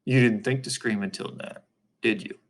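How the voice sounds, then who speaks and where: A man as a calm, probing defense lawyer. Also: mid-range voice, close to an everyday voice. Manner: measured, probing questions. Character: calm, methodical middle-aged male lawyer.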